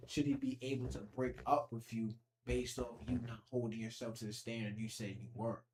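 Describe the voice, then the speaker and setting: A man's voice: mid-range voice, fairly even intonation, normal speed, few pauses, a little mellow. A man hosting a casual chat, asking probing questions and rephrasing them. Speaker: podcast host. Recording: echoey room with faint noise.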